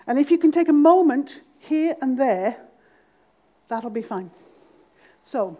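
A middle-aged Welsh woman with a Welsh accent, preaching a sermon to a congregation with humor and dramatic pauses. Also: sits high, sing-song, warm tone. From Wales.

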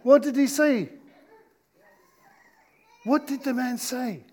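A man preaching an interactive sermon in church, playful with his volunteers and slowing down to stress key points. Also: very high-pitched, a little mellow. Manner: playful, slows down for emphasis.

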